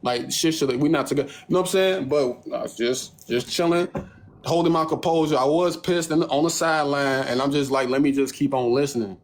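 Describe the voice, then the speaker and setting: Fairly quick and pitched on the high side, a young man hosts a phone livestream and tells a story in a casual, animated way. He curses freely and acts out what others said in mocking voices.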